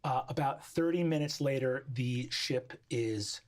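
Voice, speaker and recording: A man narrating a tabletop game as game master, casual and halting. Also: medium pitch.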